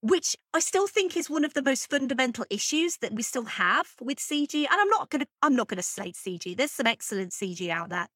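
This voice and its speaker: A woman's voice: high-pitched, sing-song, a little fast, hardly any pauses, fairly bright tone, dry recording, clean studio sound. A woman co-hosting a podcast, chatting casually and thinking aloud with plenty of fillers. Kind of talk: casual chat.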